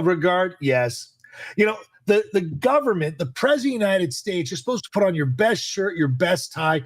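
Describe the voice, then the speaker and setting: A middle-aged man hosting a podcast, ranting indignantly in political commentary. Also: sits high. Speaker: podcast host.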